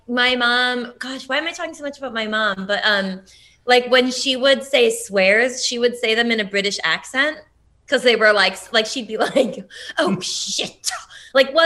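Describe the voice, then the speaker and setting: A woman's voice: on the high side, bright, forceful tone. A woman co-hosting a podcast, chatting casually in rambling sentences full of "like" and giggles. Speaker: podcast co-host. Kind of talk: casual chat.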